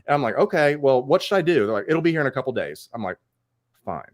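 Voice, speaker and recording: Male co-host, medium pitch, lively, acts out quoted exchanges in a loose chat. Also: fast talker. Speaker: podcast co-host. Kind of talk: casual chat. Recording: online call.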